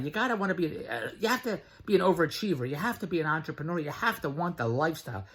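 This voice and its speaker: A man's voice: fairly high pitch, fairly bright tone. Blunt, pushy middle-aged salesman. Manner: blunt, pushy, repetitive hard sell with profanity. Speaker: online business promoter. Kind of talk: direct-to-camera sales pitch.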